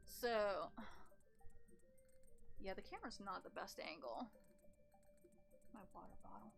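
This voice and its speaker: A woman's voice: mid-range voice, animated, slow, vocal fry, long pauses, a little hiss or hum. A woman streaming casually from home, switching between baby talk to her cat and blunt, profane asides. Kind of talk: casual livestream chat. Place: at home in a room with a TV.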